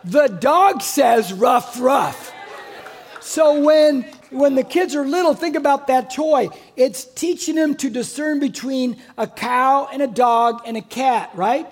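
A man's voice: very high voice, unhurried, few pauses, faint music behind. A man preaching a sermon to a congregation in a church, conversational and playful, often asking the room questions. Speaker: pastor.

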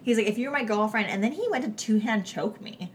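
Talking fast in a medium-pitched voice, this Canadian podcast co-host chats casually and tells animated stories, voicing other people's quotes and laughing a lot. A slight background noise runs underneath.

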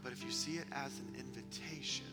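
A man preaching a sermon to young people, telling stories with energy and dropping to a hushed whisper for emphasis. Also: mid-range voice, a little fast. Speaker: youth preacher. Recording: long hall reverb with music behind.

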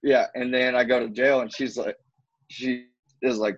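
Husky young man telling a wild story. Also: medium pitch, normal speed, dry recording, lo-fi sound. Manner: animated storyteller, acts out quotes, swears freely. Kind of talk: casual storytelling among friends.

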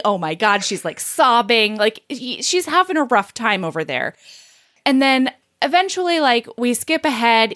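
A woman co-hosting a casual book-chat podcast, retelling a story in an animated, giggly way with plenty of filler words. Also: on the high side. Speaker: podcast co-host.

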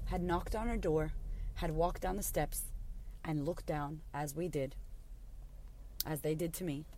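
A woman in her thirties with a low, mellow voice tells a personal story on her podcast. Her delivery is raw and emotional, peppered with swearing. A faint hiss of noise sits under the recording. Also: slow, pauses often. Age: 30s. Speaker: podcast host.

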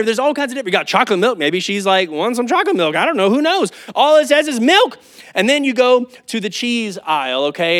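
High-voiced pastor, lively sermon. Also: male voice. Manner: lively storytelling with asides and laughs.

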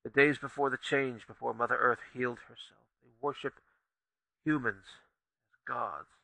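A man voicing a frightened furry male tribesman who speaks softly and fearfully of his zealot past, in a storybook reading. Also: mid-range voice, steady tone, normal speed, vocal fry, no room sound, rough recording. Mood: hushed fearful. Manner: hushed, trembling, fearful.

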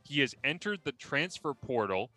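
A man's voice: medium pitch, big pitch swings, normal speed, pushed and bright, soft background music, low-quality recording. A man hosting a sports talk show, chatting casually and telling stories with a laugh.

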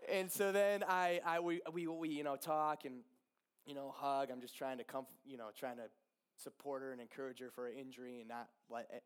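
A man in his thirties, a pastor, telling an emotional personal story from the pulpit with lots of laughter and animated retelling. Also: medium pitch, clean tone. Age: 30s. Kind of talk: sermon storytelling.

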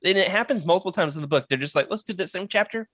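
A podcast host leading a casual chat, wry and animated, handing out turns. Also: medium pitch, very fast, no room sound, studio quality.

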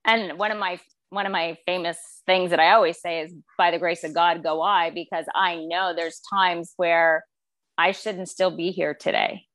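A former police officer, now a podcast guest, chats casually and acts out the voices of the people in her stories as an animated storyteller. Her voice is on the low side, her pace moderate, and the recording is dry.

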